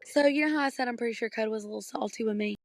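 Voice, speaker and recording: A woman's voice: fairly high pitch, racing, creaky, dry recording. A woman, co-hosting a podcast in casual chat and laughing all through her story. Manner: laughs constantly while telling a story. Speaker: podcast co-host.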